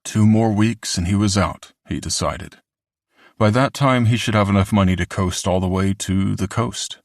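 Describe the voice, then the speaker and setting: Male audiobook narrator, very deep voice, dry close studio sound, steady scripted reading. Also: moderate pace, no room sound.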